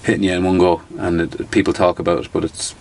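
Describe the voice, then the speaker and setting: Low, flat-voiced Irish man. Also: quick pace, gravelly, a little hiss or hum. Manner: animated, restarts sentences, occasional swearing. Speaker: interview guest. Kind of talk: casual storytelling interview.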